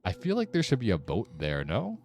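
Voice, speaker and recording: Low-voiced man with lively, wry commentary. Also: a little fast. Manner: wry, sarcastic muttering to himself. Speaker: streamer. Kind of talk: casual gameplay commentary.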